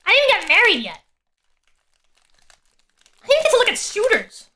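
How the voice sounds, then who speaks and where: A woman streaming herself playing a text game, reacting excitably and swearing freely. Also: extremely high pitch, moderate pace.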